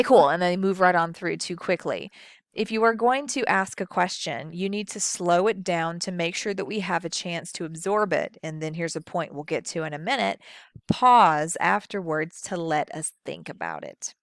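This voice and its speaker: Deliberate woman teaching public speaking. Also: fairly low pitch, no echo, clean studio sound. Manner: deliberate, demonstrative delivery with varied pauses. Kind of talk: recorded lecture.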